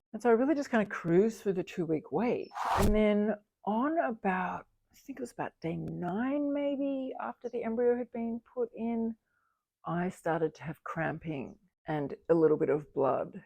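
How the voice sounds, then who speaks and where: A woman's voice: mid-range voice, creaky, dark tone, no room sound. A fifty-year-old woman telling her personal story to the camera, candid and reflective, often breaking into laughter. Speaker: single mother sharing her fertility journey.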